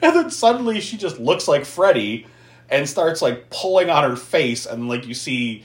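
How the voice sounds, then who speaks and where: A man's voice: fairly high pitch, big pitch swings, normal speed. A man hosting a podcast, casually recapping a film, swearing and laughing often as he tells it. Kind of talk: casual movie recap chat. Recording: echoey room.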